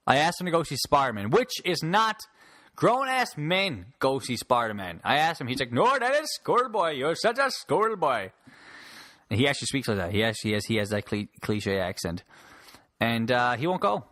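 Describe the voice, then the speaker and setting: A man hosting a solo podcast rambles casually into a close-held handheld mic, swearing freely and restarting his sentences. His medium-pitched voice is sing-song, a little fast and a bit bright, with no room sound.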